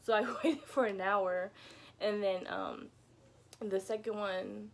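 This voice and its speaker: A woman's voice: medium pitch, fairly even intonation, slow, slight background noise. A young woman vlogger telling a casual storytime from her bedroom, chatty and peppered with "like" and "you know," swearing freely. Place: home bedroom.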